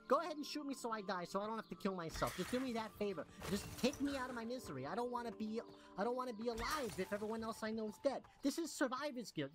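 Woman playing a tiny self-pitying alien, high-pitched, rambly and over the top, with loud game music underneath. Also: lightly acted, rough recording. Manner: whiny, rambling, theatrically despairing.

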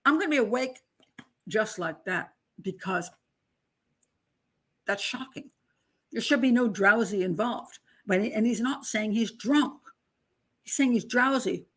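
An older woman, a criminal profiler who hosts her own channel, picks apart testimony in a casual true-crime commentary with emphatic, open disbelief, mocking it through acted-out voices. Her voice is mid-range and slightly rough, moving at a slow pace with long pauses.

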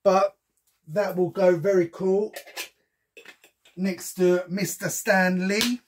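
A man's voice: high-pitched, fairly even intonation, slow. A man chatting casually as he unboxes a collectible for his channel, with frequent ums and slang. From United Kingdom. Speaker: unboxing vlogger.

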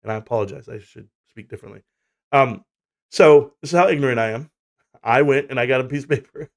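A man's voice: medium pitch, fast talker. A man hosting a casual livestream chat, rambling, swearing and laughing through stories, from the United States. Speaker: livestream host.

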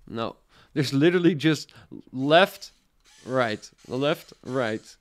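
Slowly but animatedly, a young Dutch man with a mid-range voice talks through a casual live product review on his tech livestream. He's from the Netherlands, has a faint Dutch accent, and chats with viewers in a rambling, filler-heavy way.

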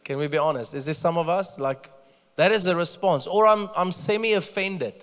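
Pastor preaching in a hall. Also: male voice, a little high, moderate pace, fairly bright tone. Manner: conversational, repeats words when starting sentences. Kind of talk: sermon. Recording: long church reverb.

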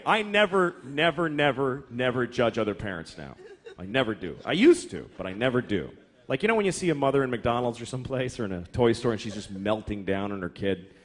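A man's voice: mid-range voice, big pitch swings, fairly quick, slight background noise. A man doing a crude, exasperated stand-up routine on stage and acting out characters along the way. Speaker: stand-up comedian. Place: stage before a live audience. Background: audience laughter.

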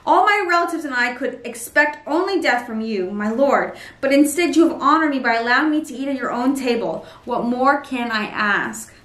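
A woman's voice: high voice, expressive, moderate pace, few pauses, a bit bright. A woman reading as a humble pleading servant. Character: humble lame man pleading before a king. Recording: roomy echo, mic at a distance.

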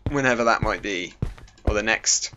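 Bright-voiced British teen gamer. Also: male voice, fairly low pitch, moderate pace, soft background music. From Britain. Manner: rambling, jokey, puts on silly voices. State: sweating in the heat. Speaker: gaming YouTuber. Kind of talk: casual Minecraft let's play commentary.

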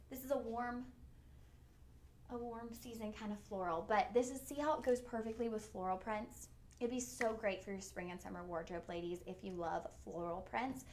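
A woman hosting a live shopping stream, chatty, upbeat and a bit goofy. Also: fairly high pitch. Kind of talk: live-stream jewelry selling. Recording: echoey studio room.

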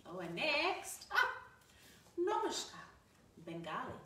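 A woman's voice: medium pitch, very animated, brisk, sharp tone. A woman leading a livestreamed baby and toddler singing session, talking in a cheery, sing-song way to little ones and their parents. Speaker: library children's session presenter. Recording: echoey room, voice from a distance.

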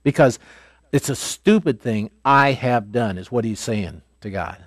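A pastor teaching a Bible lesson in a Bible school classroom, with a folksy, explanatory manner and swings between loud and quiet. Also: male voice, mid-range voice, measured pace, dry recording.

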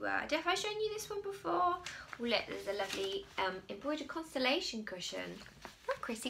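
A woman's voice: mid-range voice, bright, forceful tone. A woman in her late twenties hosting a podcast in casual, rambling chat, laughing at her own slips. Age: late 20s. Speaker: podcast host.

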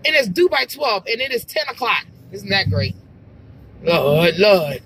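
A woman's voice: mid-range voice, unhurried, a bit bright, slight background noise, low-quality recording. Chatty woman rambling while driving. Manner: chatty, rambling, exclamatory with sighs. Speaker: vlogger. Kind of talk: casual chat to camera while driving. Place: car, driving.

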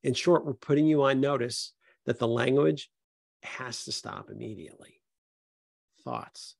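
A man's voice: mid-range voice, normal speed, gravelly, no echo, clean studio sound. A middle-aged man, an HR consultant, talking on a panel and acting out both sides of a tough workplace conversation. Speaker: HR consultant and speaker. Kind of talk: panel talk with acted-out workplace dialogue.

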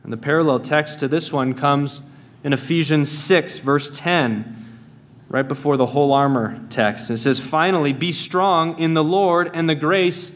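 American man, preacher, earnest sermon, emphatic repetition, unhurried. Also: a little high, a bit bright. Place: church sanctuary.

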